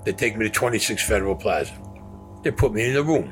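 Older New man, low voice, blunt and foul-mouthed storyteller. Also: lively intonation, fast talker, soft background music. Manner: blunt, profane, streetwise. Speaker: interviewee.

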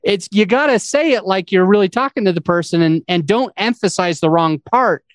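Male podcast host, explanatory casual chat, a touch high-pitched, dry studio sound. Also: normal speed, no room sound.

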